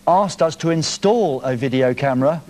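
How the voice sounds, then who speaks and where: A man's voice: fairly high pitch, moderate pace, darkish tone, slight background noise. A man hosting a live TV show from a studio, teasing a caller in a cheeky way. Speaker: TV presenter. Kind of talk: live TV banter.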